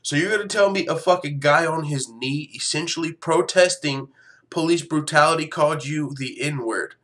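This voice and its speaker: Male show host, slightly high voice, profane and animated, chatty rant style. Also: moderate pace. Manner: profane, animated, laughs often. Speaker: MMA news show host. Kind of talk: casual commentary rant.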